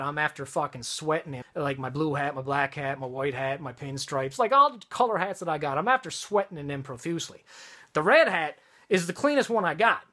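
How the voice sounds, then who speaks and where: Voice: medium pitch, bright, forceful tone. A vlogger ranting to camera from a room at home, heated and swearing, often restarting sentences. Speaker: vlogger and wedding studio owner. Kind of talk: angry profane rant to camera.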